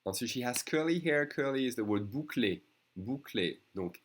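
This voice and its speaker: Man, French accent, very low voice, online language teacher, patient, repeats phrases slowly.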